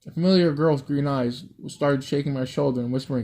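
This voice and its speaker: A man's voice: mid-range voice, quick pace, dark tone. A man casually reading out his dream story, rambling, swearing and breaking off into asides.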